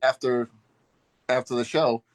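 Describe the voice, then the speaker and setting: A man in a casual live video chat tells a long, rambling story, restarting his sentences as he goes. His voice has a medium pitch and a dry, close sound. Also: fairly even intonation, a little slow, no room sound. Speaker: longtime fan, group member. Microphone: video call.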